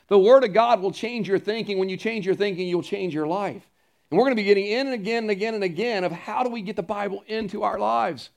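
High-voiced man preaching a sermon. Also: quick pace, creaky. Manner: earnest, emphatic preaching with repeated phrases; conversational asides to the congregation. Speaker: pastor.

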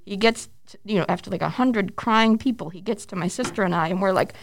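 A lively woman in her forties spins animated anecdotes as an interview guest. She acts out each quote and laughs as she goes, at an ordinary middle pitch. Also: fairly quick, vocal fry, heavy background noise. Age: 40s. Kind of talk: casual storytelling interview.

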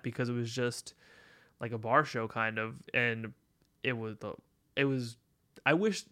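A young man co-hosts a casual podcast, his voice sitting at an ordinary middle pitch. He rambles loosely, swears freely and laughs often, in a relaxed, unpolished way. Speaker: podcast co-host.

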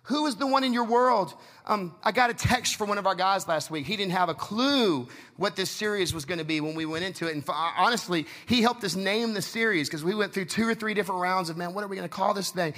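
Male pastor, high bright voice, passionate sermon delivery. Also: a little fast, hardly any pauses. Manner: passionate preaching, acting out the story's voices.

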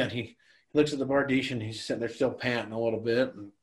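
A man's voice: mid-range voice, steady tone, fast. Middle-aged male guest, loose casual storyteller, chuckles and cusses freely. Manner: rambling, laughing, swears freely. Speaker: guest on a podcast.

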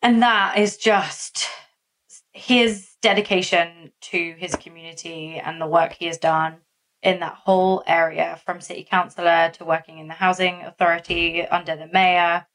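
A woman from Massachusetts with a somewhat low voice talks on a podcast. She tells stories in a casual, animated way and fills her speech with loose asides. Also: moderate pace, slight background noise. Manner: animated storytelling with many fillers. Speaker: podcast co-host. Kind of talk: casual chat.

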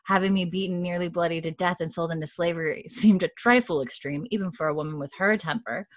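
A woman co-hosting a podcast recaps a TV episode in casual chat, quoting the characters' lines in a hushed, lowered voice and saying "like" often. She talks fast, and the clean studio recording has no echo.

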